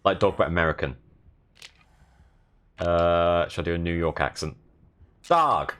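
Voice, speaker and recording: A man's voice: sits low, fairly even intonation, moderate pace, clean tone. A young man from the south of England with a southern English accent, commentating on his live gameplay and thanking viewers as they follow. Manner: chatty, thanking viewers while playing. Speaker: streamer.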